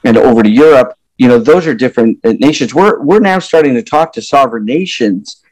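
A man's voice: medium pitch, lively intonation, a little fast, darkish tone, dry recording, poor audio. A man being interviewed as a company executive, explaining ideas thoughtfully with many fillers and restarts. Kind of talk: interview conversation.

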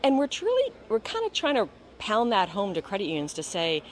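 A woman's voice: medium pitch, huge pitch swings, fairly quick, slight background noise. A woman being interviewed, talking earnestly and stressing her points by repeating them. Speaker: interview guest, foundation leader. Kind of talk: conversational interview.

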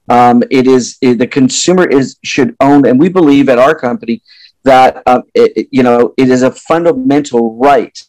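A man's voice: mid-range voice, a little mellow, no room sound, rough recording. Thoughtful man, dry close sound. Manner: thoughtful, lots of fillers and restarts. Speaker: company executive guest. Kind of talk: interview conversation.

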